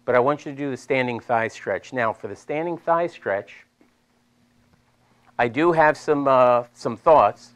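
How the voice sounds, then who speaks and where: A middle-aged man with a Delaware accent, a physical therapist presenting a live seminar to an audience and demonstrating stretches in a chatty, animated way. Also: mid-range voice, measured pace. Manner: animated, chatty, repeats himself for emphasis.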